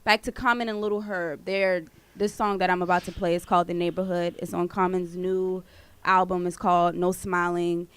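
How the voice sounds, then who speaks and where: A woman co-hosting a casual radio talk show, playful and quick to banter. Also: on the low side, level tone, fairly bright tone, smooth.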